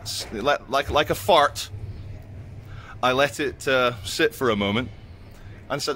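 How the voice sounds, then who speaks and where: A man's voice: mid-range voice, steady tone, moderate pace, sharp tone, slight background noise. A man with a sardonic, crude, ranting manner, vlogging as he walks through an indoor shopping centre, recorded on a handheld camera. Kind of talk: walking vlog with sardonic commentary.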